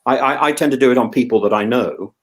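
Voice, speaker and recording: A man's voice: medium pitch, quick pace. A middle-aged man from England, co-hosting a casual chat, who keeps restarting and repeating words as he talks. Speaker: co-host.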